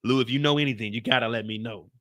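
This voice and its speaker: A man voicing a worried record label boss in a deep, gravelly put-on voice. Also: fast, fairly bright tone, natural voice.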